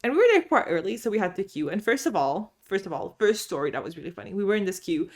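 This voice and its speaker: A woman chatting casually about books as a vlogger, bubbly and animated, laughing often while she tells stories from home. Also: mid-range voice, fast. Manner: animated storyteller. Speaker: book vlogger. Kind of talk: casual chat.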